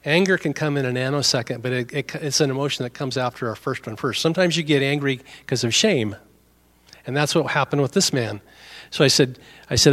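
A man's voice: mid-range voice, brisk. A middle-aged male pastor giving a conversational sermon, telling a story and acting out both sides of the dialogue.

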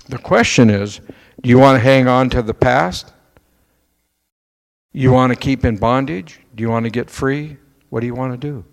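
A man's voice: mid-range voice, gravelly. A man preaching a sermon as pastor to his church, talking in a conversational way, firing off rhetorical questions and mimicking doubters. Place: church sanctuary. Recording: echoey church hall, long reverb.

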